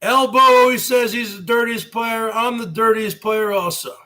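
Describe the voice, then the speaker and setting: A man's voice: very high voice, steady tone, normal speed, bright, forceful tone. A man hosting his own live stream, rambling and boasting in a wrestling-promo style and firing off rhetorical questions at his viewers.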